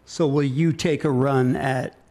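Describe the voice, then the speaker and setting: A man's voice: medium pitch, fairly even intonation, unhurried, darkish tone. A middle-aged man co-hosting a podcast, playing the dry, bemused straight man. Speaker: podcast co-host. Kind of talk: casual comedic chat.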